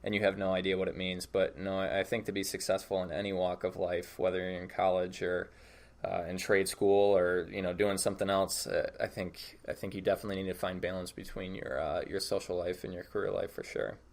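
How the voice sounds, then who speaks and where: A young man with a notably low, deep voice, talking easily as a podcast guest. He loops back on his words as he gathers his thoughts, relaxed and unhurried in tone. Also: gravelly. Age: young adult. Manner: easygoing, repeats words as he restarts. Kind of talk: casual podcast chat.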